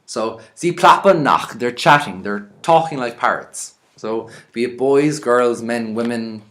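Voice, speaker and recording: An Irish man teaching a vocabulary lesson, reading each word out and then explaining it in a relaxed, chatty way. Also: mid-range voice, measured pace. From Ireland. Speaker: language teacher.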